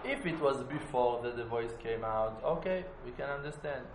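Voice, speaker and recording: Man giving a talmud class, lively singsong, roomy sound with a bit of background hum. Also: mid-range voice, moderate pace. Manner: animated, slipping into a chanting study singsong. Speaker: Torah teacher. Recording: roomy echo, faint ambience.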